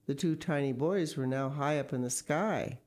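A woman's voice: very deep voice, moderate pace, darkish tone. A woman reading a children's story aloud expressively, with casual asides. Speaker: story reader.

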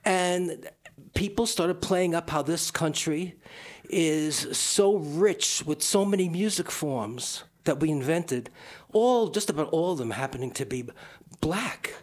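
A man's voice: on the high side, lively intonation, takes it slowly. A man co-hosting a community radio show, rambling and joking with many restarts. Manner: rambling, self-interrupting, jokey. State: out of breath. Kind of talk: casual radio chat.

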